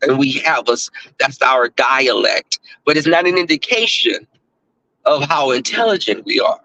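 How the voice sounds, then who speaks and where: A man's voice: medium pitch, moderate pace, pushed and bright, dry recording, rough recording. A middle-aged man with a Southern US accent talks to viewers in a blunt, profane, casual monologue, full of fillers and restarts. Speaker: online talk host.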